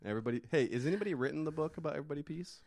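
A woman's voice: low voice, animated, rapid-fire, a little mellow, no echo. A woman hosting a podcast, chatting casually in a playful, joking way. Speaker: podcast host.

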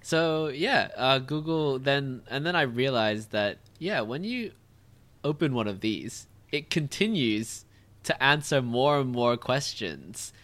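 A man's voice: medium pitch, animated, takes it slowly, a bit bright. A man in casual conversation, talking in a rambling way with many fillers and restarts. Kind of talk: casual chat.

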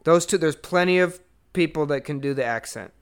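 A man's voice: on the high side, brisk, clear, resonant tone. A man co-hosting a casual movie podcast, joking and reading out trivia questions. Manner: runs trivia quizzes, joking. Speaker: podcast co-host.

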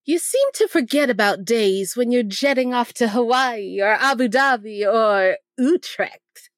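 A woman's voice: a little high, unhurried, no room sound, studio quality, close to an everyday voice. A woman playing a wealthy, flirty socialite who teases her friends, in an improvised tabletop role-play. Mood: smug. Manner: flirty and teasing. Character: rich teasing socialite woman.

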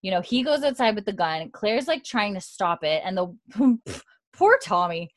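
A young woman casually recapping a TV episode, laughing often and slipping into quick voices for the characters. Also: mid-range voice, no echo. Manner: animated, laughing, acts out characters' lines in quick put-on voices. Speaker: podcast host recapping a TV episode. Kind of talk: casual chat.

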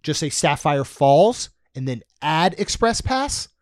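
A man's voice: fairly high pitch, very animated, slow, no echo, studio quality. Chatty man reading out prices. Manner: chatty, jokey asides, reads out prices. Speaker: podcast co-host. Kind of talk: casual podcast chat about theme park costs.

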